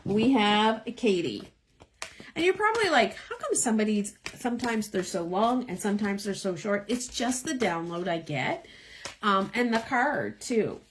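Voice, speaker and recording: A woman's voice: mid-range voice, fairly bright tone, slight background noise. A young woman, who is losing her voice, gives chatty, encouraging tarot readings live into a phone above her eye level. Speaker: tarot reader. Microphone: phone held above eye level.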